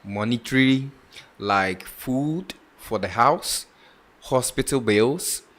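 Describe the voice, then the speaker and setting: A man's voice: medium pitch, animated, takes it slowly, fairly bright tone. A man hosting a radio talk show, thanking his guest and moving into the next listener question with loose restarts. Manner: brief affirming responses, loose restarts.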